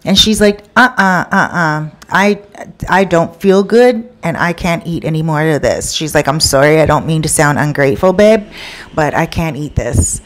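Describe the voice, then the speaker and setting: A woman casually telling a true story, acting out everyone's lines with sudden jumps in pitch and chatty asides to the listener. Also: lively intonation, moderate pace. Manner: retells with quoted dialogue, voicing each person with pitch jumps.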